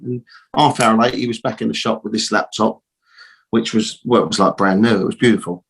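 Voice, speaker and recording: A middle-aged man who owns an optical shop appears as a guest, telling a long personal story casually, rambling, repeating words and swearing mildly. His medium-pitched voice is fairly quick, creaky and breathy-edged.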